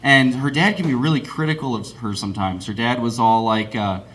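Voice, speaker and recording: A man's voice: mid-range voice, brisk, fairly bright tone, slightly rough. A young man doing live stand-up, rambling and self-deprecating and laughing at his own jokes. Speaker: stand-up comedian.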